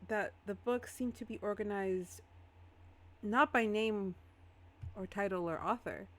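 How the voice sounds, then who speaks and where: A lively woman narrating as game master of a tabletop role-play, laughing easily. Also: mid-range voice, measured pace.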